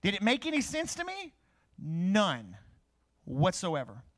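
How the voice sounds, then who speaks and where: A man's voice: sits high, huge pitch swings, slow. A middle-aged man preaching a sermon, asking questions and answering them himself.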